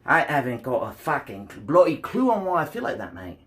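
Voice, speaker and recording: A man's voice: a little high, animated, brisk, a little mellow, natural voice. A man putting on a cheeky, slangy British-bloke voice, swearing and mocking.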